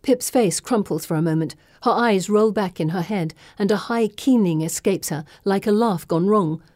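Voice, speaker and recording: An audiobook narrator reads a dark novel in scripted first-person narration, her mid-range voice mellow. She tells the story in a measured, dramatic way, and the studio recording is clean and dry.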